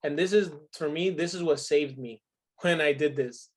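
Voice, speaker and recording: A man in his twenties with a slightly high voice chats casually on a podcast at a moderate pace. He tells stories emphatically and swears freely.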